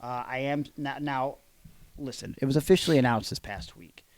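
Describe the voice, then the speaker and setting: Guy on a wrestling podcast, blunt and sweary, mid pitch, dead dry sound. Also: normal speed, no echo. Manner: blunt, profane, rambling with fillers. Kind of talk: casual chat.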